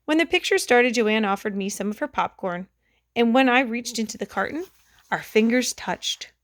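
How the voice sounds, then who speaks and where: A woman reading aloud, narrating a children's story in the first person in a lively way. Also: a little high, moderate pace, no echo, clean studio sound. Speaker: audiobook reader.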